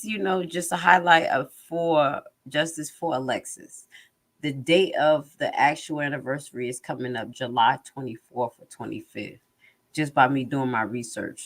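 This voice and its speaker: Blunt, animated woman hosting a live stream. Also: deep voice. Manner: blunt and animated, acts out other people's lines. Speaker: host of a live commentary stream. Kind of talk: casual live-stream commentary.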